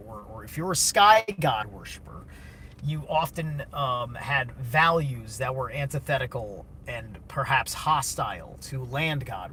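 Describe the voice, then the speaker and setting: A man's voice: mid-range voice, bright, forceful tone, a little hiss or hum. A man streaming a blunt, casual, opinionated monologue, swearing heavily and answering chat.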